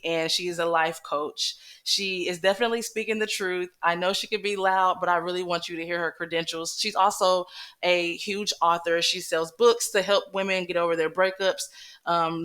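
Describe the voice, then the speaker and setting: Woman host, earnest and reassuring, low smooth voice. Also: a bit bright. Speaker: compilation host. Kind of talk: casual introduction.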